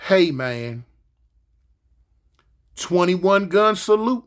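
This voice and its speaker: A man casually telling a story from his past, slangy and animated, jumping in pitch and making sound effects as he goes. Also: moderate pace. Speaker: storyteller recounting his prison days.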